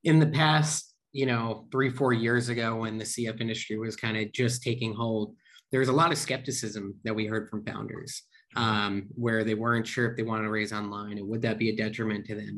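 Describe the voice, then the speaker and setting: Male host asking friendly curious questions, lowish voice. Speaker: interview host. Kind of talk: interview questions.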